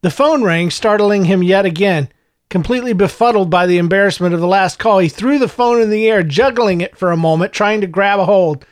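Male storyteller, fairly high voice, dry close sound. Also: fairly quick, dry recording. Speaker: narrator. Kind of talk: audiobook narration.

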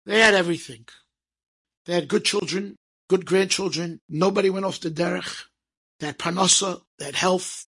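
A man telling stories to an audience in a lively way, acting out the people in them and slipping in Hebrew phrases. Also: sits high, normal speed, breathy edge. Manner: lively, acts out quoted speech, sprinkles Hebrew phrases. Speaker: storyteller. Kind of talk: animated storytelling to an audience.

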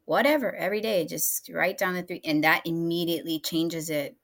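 A woman's voice: lowish voice, brisk. A woman hosting a podcast interview, speaking in a reflective, conversational way and laughing lightly between points. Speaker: podcast host.

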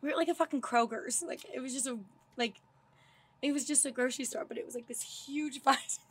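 High-voiced young woman telling stories. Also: quick pace, breathy edge. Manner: animated storytelling, swears and laughs often. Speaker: podcast co-host. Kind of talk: casual chat.

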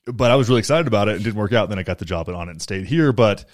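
A man's voice: on the low side, animated, rapid-fire, no room sound, clean studio sound. A young man in casual podcast chat, talking in an emphatic, heated way and swearing freely. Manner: profane, heated and emphatic, frequent restarts.

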